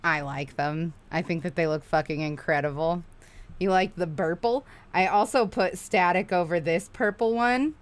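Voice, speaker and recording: A woman streamer with a lowish voice chats casually with her viewers while crocheting, talking at a normal speed. She is chatty and excitable, and she swears freely.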